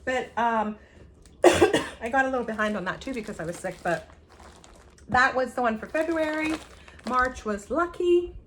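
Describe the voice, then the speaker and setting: A woman with a slightly high voice chats casually about her crafts. She tells stories in an animated way and acts out every quote. A faint hiss of noise sits behind her. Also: measured pace. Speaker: flosstube co-host. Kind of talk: casual chat.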